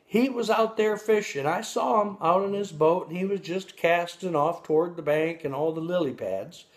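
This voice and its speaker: A boastful old bass fish brags his way through a fishing tall tale, voiced by a man, sounding chatty and sure of himself. The voice sits a touch high for a man and stays close to a plain storytelling tone. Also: normal speed, natural voice. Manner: bragging, tall-tale telling.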